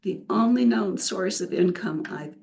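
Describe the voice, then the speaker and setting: A woman voicing an embarrassed young male heir who speaks quietly and looks down. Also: high-pitched, expressive, measured pace, vocal fry, exaggerated voice. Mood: sheepish. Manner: quiet, downcast.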